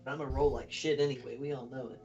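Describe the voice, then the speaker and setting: A man's voice: medium pitch, steady tone, fast, highs cut off, music in the background. A man playing a tabletop game who talks brashly and swears a lot. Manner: brash and profane. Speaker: player.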